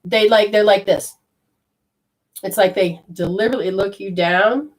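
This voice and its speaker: Woman, spiritual medium, live channeling session, rambling, animated, loud-to-hushed swings. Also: mid-range voice, normal speed, low-quality recording.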